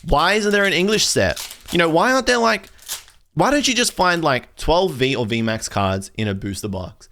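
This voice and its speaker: A man's voice: on the low side, a bit bright. A young man hosting a casual pack-opening video, ranting in an exasperated, rambling way with frequent restarts. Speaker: card collector video host.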